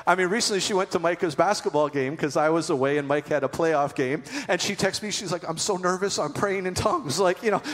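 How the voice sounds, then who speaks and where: Pastor, male, 40s, high voice, lively storyteller who goes soft and earnest, big hall reverb. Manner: animated storytelling, drops to soft earnest tones. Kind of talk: sermon. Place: church auditorium. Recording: long reverb of a large hall.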